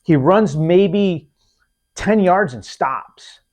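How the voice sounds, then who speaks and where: A man hosting a podcast, telling a hunting story in a lively, casual way, acting out what people said and often restarting his sentences. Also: sits high, drawn-out words. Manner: animated, acts out quotes, repeats and restarts. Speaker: podcast host.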